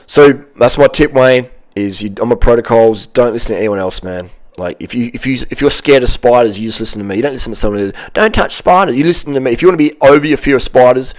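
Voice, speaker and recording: A man's voice: fairly low pitch, quick pace. Man, fitness vlogger, combative rant, swears freely, blunt delivery. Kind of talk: ranting monologue.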